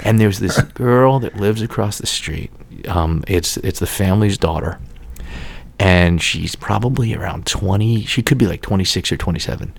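A man telling casual, profane stories with lots of laughter in an animated, swearing manner. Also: lowish voice.

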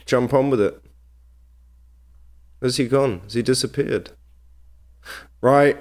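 A man's voice: mid-range voice, takes it slowly, a little mellow. A man co-hosting a podcast, speaking in a dry, teasing way. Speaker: podcast co-host. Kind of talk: casual podcast chat.

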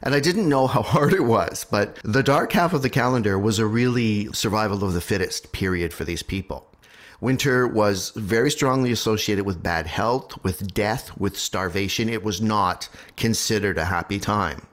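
A man hosting a podcast, chatting eagerly about history with a co-host. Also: on the low side. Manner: dramatic slow reading, then excited chatter. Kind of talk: casual podcast chat.

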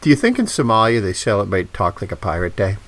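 A man's voice: on the low side, huge pitch swings, fast, a bit bright. A man co-hosting a podcast, telling stories in a hesitant, self-deprecating way with many restarts. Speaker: podcast co-host. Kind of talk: casual chat.

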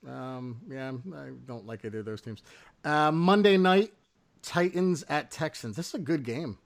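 A man co-hosting a sports podcast, talking in casual chat and going off on animated rants. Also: a little high, moderate pace, creaky. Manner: ranting, animated complaints. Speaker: podcast co-host.

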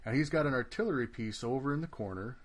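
A man's voice: mid-range voice, quick pace. A man in casual podcast chat, recounting a tabletop game with lots of swearing and acted-out back-and-forth. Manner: swears freely, animated storytelling that acts out both sides of the argument.

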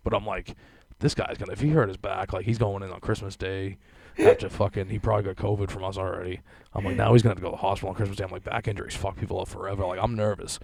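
A man's voice: low-pitched, steady tone, racing, vocal fry, a little mellow, no echo. A young man telling a long, rambling, profane story in casual chat, full of fillers.

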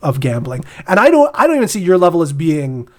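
Brief: young Canadian guy, slightly high voice, loose rambling podcast banter. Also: very animated, fast. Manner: rambling, restarts and laughs often. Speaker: podcast co-host. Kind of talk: casual chat.

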